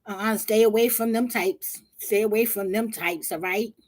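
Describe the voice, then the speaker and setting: A woman's voice: mid-range voice, fairly even intonation, moderate pace, a little mellow, no room sound. A woman hosting, casual and profane, giving blunt advice. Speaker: podcast host. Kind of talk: casual commentary.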